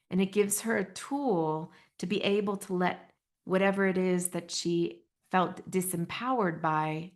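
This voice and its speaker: A middle-aged woman hosting a podcast, talking in a gentle, earnest way with frequent restarts. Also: on the low side. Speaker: podcast host, intuition teacher. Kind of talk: podcast talk.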